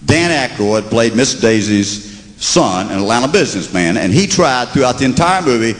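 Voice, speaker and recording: Southern guy doing standup, drawling, lively pitch, live hall w crowd noise. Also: normal speed. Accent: Southern American. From Southern United States. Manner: drawling, storytelling, mock-indignant. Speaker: stand-up comedian. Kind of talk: stand-up comedy set. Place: comedy stage before an audience. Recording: live comedy club recording from a hall, crowd and noise audible.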